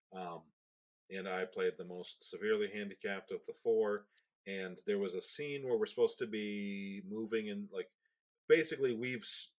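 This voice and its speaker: Very deep-voiced man, chatty and relaxed. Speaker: podcast co-host. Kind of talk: casual storytelling.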